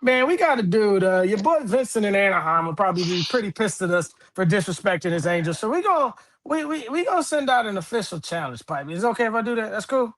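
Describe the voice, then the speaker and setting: A man's voice: high voice, sing-song, fast, hardly any pauses, fairly bright tone. A man with a Milwaukee accent co-hosting a casual sports show, slangy, jokey and laid-back. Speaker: podcast co-host.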